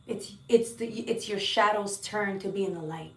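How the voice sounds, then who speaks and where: A woman's voice: medium pitch, normal speed, recorded from a distance, slight background noise. Earnest woman tarot reader in an echoey room. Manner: earnest, heartfelt, repeats words, swears now and then. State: emotional at times. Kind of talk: spiritual tarot reading to viewers.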